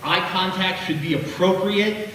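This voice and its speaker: A middle-aged man giving an animated, jokey keynote speech, talking straight to the crowd. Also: high voice, a little slow, a little hiss or hum. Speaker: keynote speaker. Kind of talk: motivational keynote speech to a live audience. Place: large hall. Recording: echoey hall from far off.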